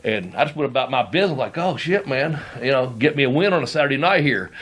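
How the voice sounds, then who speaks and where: A man's voice: medium pitch, animated, fast, a bit bright, breathy edge. A middle-aged man hosting a podcast, telling rambling wrestling stories in casual chat, laughing often and swearing as he goes. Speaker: podcast host, former wrestler.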